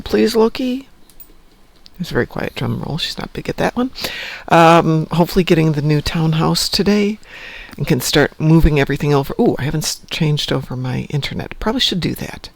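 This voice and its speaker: This morning livestreamer talks from home in a slightly high voice with vocal fry, rambling chattily and making self-deprecating jokes about his day. The recording has no echo.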